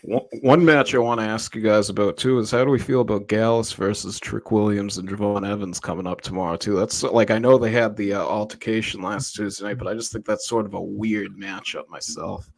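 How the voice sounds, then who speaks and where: A man's voice: lowish voice, fairly even intonation, a little fast, gravelly, hardly any pauses, no echo. A man co-hosting a podcast, casually raising questions and explaining what happened. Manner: asks questions, explains background. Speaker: podcast co-host. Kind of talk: casual chat.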